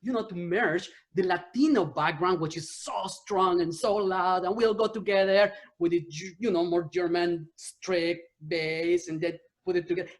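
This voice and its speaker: A woman interviewer in casual conversation who is friendly and sometimes pauses to search for words. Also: fairly low pitch.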